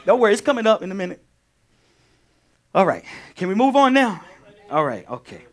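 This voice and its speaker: A male pastor teaching a sermon, animated, repeating key phrases and firing questions at his congregation. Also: high voice, fairly quick.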